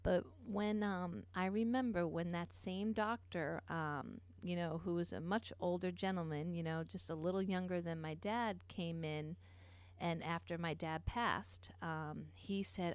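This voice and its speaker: Middle-aged woman, nutrition show host, earnest, chatty fillers, lowish voice, dry close sound. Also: steady tone, a little slow, clean tone, no room sound. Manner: earnest, many fillers and asides. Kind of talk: personal story and health talk.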